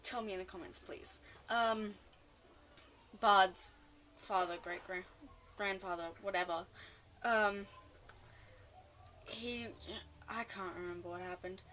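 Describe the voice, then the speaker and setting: A woman ranting casually about a film, rambling excitably and often losing her train of thought. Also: medium pitch, slow pace, long pauses, slight background noise. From Australia. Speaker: vlogger.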